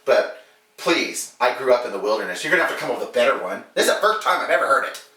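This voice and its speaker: Animated, swearing man telling a salon story. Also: mid-range voice, fast talker. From Alaska. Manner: animated, profane, acts out quotes. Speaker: hairdresser. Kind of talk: casual storytelling. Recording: echoey room, mic at a distance.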